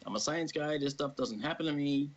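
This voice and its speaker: A man telling a long personal story casually on a live stream, animated and acting out the people he quotes. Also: a little high, a little fast, a little hiss or hum. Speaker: guest. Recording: dull lo-fi stream audio.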